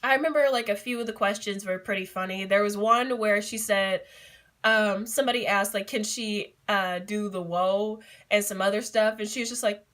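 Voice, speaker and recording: Bright, excitable young woman vlogging. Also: medium pitch, normal speed. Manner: excitable and giggly, many fillers. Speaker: beauty vlogger. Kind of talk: casual vlog storytelling.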